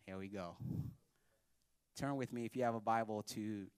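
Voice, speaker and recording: A male pastor preaching a sermon in a joking, animated storytelling manner. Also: fairly low pitch, normal speed, clean tone, no room sound, clean studio sound. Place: church.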